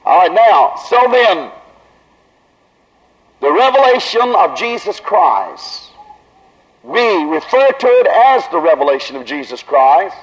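A man with a Southern accent preaching at a tent revival, drawing his words out slowly and then rising to loud emphasis. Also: high voice. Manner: slow, drawn-out delivery that builds to raised emphasis. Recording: dull lo-fi old recording.

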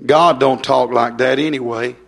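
A man's voice: medium pitch, fairly even intonation, normal speed, creaky, fairly bright tone. A man preaching a fiery, folksy revival sermon.

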